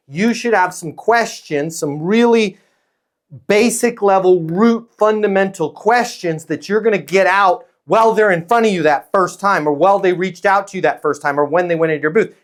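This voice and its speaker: A high-pitched man running a lively sales coaching session. He talks bluntly and with energy, often slipping into acted-out phone calls and customer replies. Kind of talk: live sales coaching talk.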